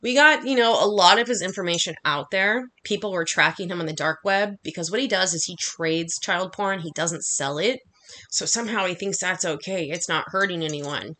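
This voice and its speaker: A woman delivering an angry, profanity-laced monologue, talking fast and heatedly. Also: on the low side, pushed and bright. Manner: heated, swearing constantly, rapid rant.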